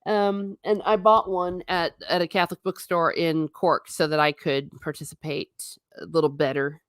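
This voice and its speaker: A woman, chatting casually on a stream and reading out viewer comments with a lively manner. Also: low voice, moderate pace, no room sound, studio quality. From Ireland. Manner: chatty, animated, breaks into silly singing. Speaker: livestream host.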